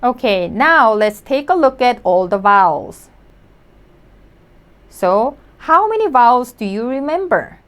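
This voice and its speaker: A woman leads a beginner lesson. She talks slowly and patiently, repeating each sound. Her voice sits a little high and moves up and down a lot. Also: very animated, fairly bright tone. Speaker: Korean language teacher. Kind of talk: slow spoken lesson.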